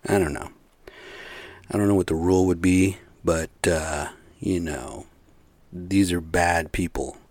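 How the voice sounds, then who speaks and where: A man's voice: sits low, fairly even intonation, unhurried, darkish tone, dry recording. A man talking straight to his viewers in a rambling, profane rant, full of rhetorical questions and asides. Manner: rambling, heavy swearing, asks rhetorical questions. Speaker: vlogger. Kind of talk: casual profane rant to camera.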